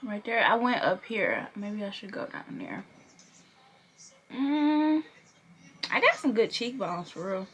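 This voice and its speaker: A young woman with a mid-range, sing-song voice works through a makeup tutorial at an unhurried pace, pausing often. Her tone is a bit bright with a breathy edge. She's a beauty vlogger, chatty and playful, swearing a little and laughing as she goes.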